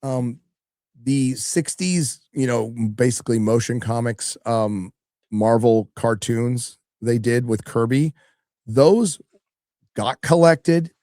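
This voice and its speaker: A man's voice: mid-range voice, takes it slowly, mellow, no echo. Casual middle-aged male streamer, dry sound. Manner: casual, swears often, reads out viewer messages. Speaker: livestream host reading donations. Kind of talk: casual live-stream chat.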